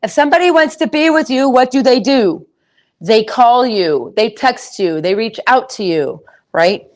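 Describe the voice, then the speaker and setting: A woman's voice: a little high, expressive, unhurried. A woman horse trainer giving a casual teaching talk, rambling and chatty with many fillers and restarts. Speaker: horse trainer and confidence coach.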